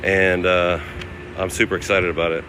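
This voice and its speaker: A man's voice: deep voice, flat delivery, moderate pace, bright, forceful tone. Chatty male vlogger on a windy street. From United States. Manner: chatty, thanks viewers by name, thinks aloud. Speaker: live-streaming travel vlogger. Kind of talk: casual live-stream chat while walking. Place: outdoors on windy city streets. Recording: outdoor street noise. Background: wind and passing traffic.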